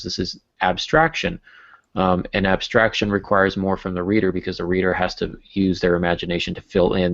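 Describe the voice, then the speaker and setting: Male podcast co-host, very low gravelly voice, rambling and joking, slightly lo-fi sound. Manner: rambling, joking, many fillers. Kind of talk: casual writing podcast chat.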